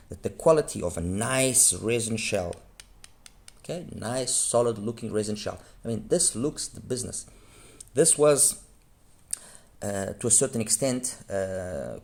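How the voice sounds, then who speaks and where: In this off-the-cuff review of audio equipment, a man speaks in a lowish, somewhat mellow voice with vocal fry. His take is candid and meandering, and he frequently stops partway through a sentence to fix what he said.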